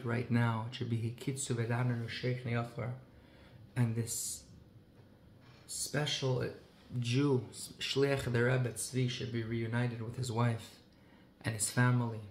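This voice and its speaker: Emphatic man telling a story in an echoey room. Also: medium pitch. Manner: emphatic, with Hebrew and Yiddish phrases woven in. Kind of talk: heartfelt storytelling talk. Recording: echoey room with faint ambient noise.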